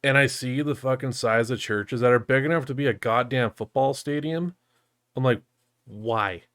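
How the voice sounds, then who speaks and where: A man's voice: medium pitch, moderate pace, fairly bright tone, dry recording, studio quality. A man co-hosting a podcast, chatting casually and rambling with lots of fillers. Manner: rambling with many fillers, laughs often. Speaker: podcast co-host. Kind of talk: casual chat.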